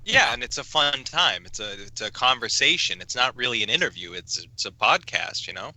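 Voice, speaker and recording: Wisecracking guest in casual chat; sharp, bright tone, animated pitch. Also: male voice, a little fast, no echo, low-quality recording.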